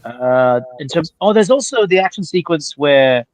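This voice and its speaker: A man's voice: fairly high pitch, expressive, normal speed, no room sound. Chatty Welsh-born man, stammering. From Wales. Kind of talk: casual chat.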